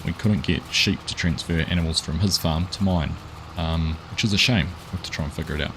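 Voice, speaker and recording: Male streamer, low voice, chatty, friendly host greeting chat. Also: brisk, background noise. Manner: chatty, greets viewers by name. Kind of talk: live gameplay commentary.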